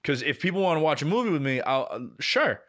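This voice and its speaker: Bright-voiced young man telling a story. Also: a little high, quick pace. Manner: swears often, animated storytelling. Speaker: podcast co-host. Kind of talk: casual chat.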